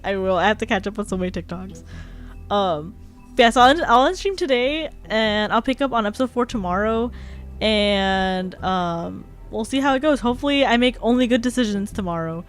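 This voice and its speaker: A young woman talks loosely and at length on her stream, stringing thoughts together with constant fillers. Her voice sits at an ordinary pitch for a woman. Soft music plays faintly underneath. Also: expressive, brisk. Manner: chatty, rambling, heavy use of "like". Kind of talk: casual live-stream chat. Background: faint background music.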